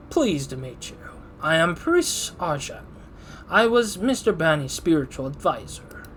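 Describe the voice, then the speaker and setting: Stern old country priest, solemn drawl, put-on country accent, voiced a bit high by a man. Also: a little hiss or hum.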